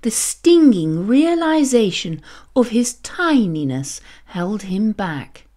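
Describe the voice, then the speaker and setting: A woman narrating a children's bedtime story, gentle, expressive and soothing. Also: mid-range voice, slow.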